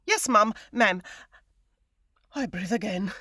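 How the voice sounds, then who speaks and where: A woman's voice: medium pitch, animated, slow pace, pushed and bright, dry recording, clean studio sound, heavily acted. A woman reading the part of a flustered young housemaid, full of fretful asides, in an old comic play. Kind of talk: script read-through.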